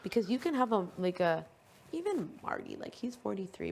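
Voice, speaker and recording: A woman chatting casually as a reality show houseguest, animated, quoting others and swearing freely. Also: medium pitch, a little fast, gravelly, slightly rough. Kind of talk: casual chat.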